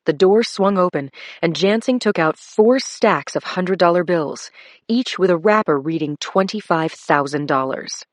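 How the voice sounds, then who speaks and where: A woman narrating a crime thriller in a low, steady voice. Her delivery is measured and even. The recording is dry and close. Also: no echo. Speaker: audiobook narrator. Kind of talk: scripted first-person thriller narration.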